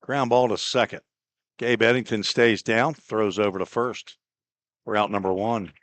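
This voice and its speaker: A play-by-play announcer calls a baseball game in a relaxed, chatty, unhurried way, filling the pauses between pitches with casual remarks and laughing at his own slips. His voice is low, recorded dry and close with no room sound.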